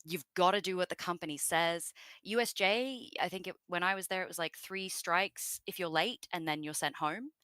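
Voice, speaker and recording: Recorded close-up on a dry mic without echo, an Australian woman guesting on a relaxed interview talks about her voice acting, drifting through her thoughts with many fillers and side comments. Her slightly low voice is bright and smooth, moving at a moderate pace with hardly any pauses.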